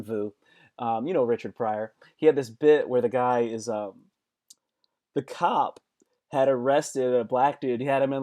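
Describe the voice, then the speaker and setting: A man hosting a casual live stream as a comedian, talking to viewers by name in an animated, repetitive way, swearing freely. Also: mid-range voice.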